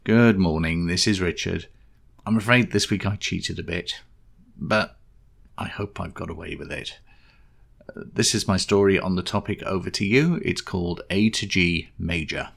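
A man's voice: sits low, normal speed, gravelly, fairly bright tone. A man reading his own short story in a dry, wry manner. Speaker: story contributor.

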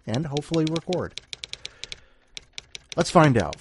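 A man's voice: mid-range voice, lively intonation, a little slow, a little hiss or hum. A man hosting a story podcast, chatting in a playful, rambling way. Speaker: podcast host. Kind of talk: casual chat.

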